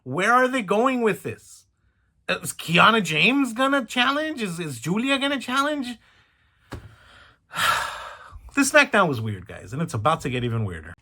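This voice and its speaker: Brief: male wrestling reviewer, high lively voice with cracks, chatty and incredulous. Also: moderate pace, pauses often. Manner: chatty, incredulous, rambling asides. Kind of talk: casual review vlog.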